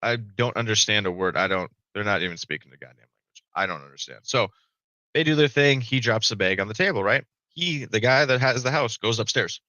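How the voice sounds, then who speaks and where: A man's voice: on the low side, animated, a little fast, pushed and bright, no room sound, muffled recording. A middle-aged man, a podcast guest, telling a story in a casual way, swearing freely and tagging lines with "right?".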